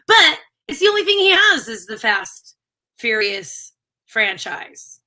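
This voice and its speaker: A woman's voice: high-pitched, big pitch swings, measured pace, pushed and bright. A woman co-hosting a casual chat show, chatty and candid, laughing often. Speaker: co-host.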